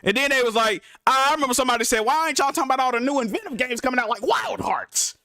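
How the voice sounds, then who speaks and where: A man's voice: extremely high pitch, expressive, very fast, dry recording, clean studio sound. Exasperated young man ranting on stream. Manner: exasperated, profane, swings loud and quiet. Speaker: gaming streamer. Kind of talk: live stream rant.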